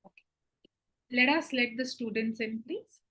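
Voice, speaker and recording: A woman hosting a live online session for school students, greeting them by name and leading energetic call-and-response chants over a video call. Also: fairly high pitch, unhurried, breathy edge.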